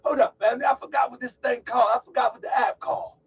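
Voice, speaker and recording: A man's voice: very high voice, quick pace, slight background noise. A man hosting a call-in livestream, chatty and loose, exclaiming and laughing as he sets up. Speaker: host of a call-in show. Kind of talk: casual livestream talk. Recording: distant, dull lo-fi mic.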